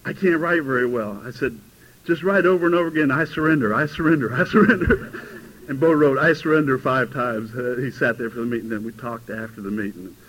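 A man in his fifties telling his recovery story to a meeting, animated and given to sudden loud outbursts. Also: mid-range voice, low-quality recording. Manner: animated storytelling, bursts into shouting. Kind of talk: personal testimony to a meeting. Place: meeting hall before a live audience.

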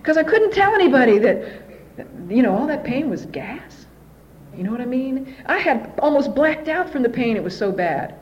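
A woman telling her own story at a recovery meeting, candid and animated. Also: high voice, normal speed, muffled recording, a little hiss or hum. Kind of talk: personal recovery testimony.

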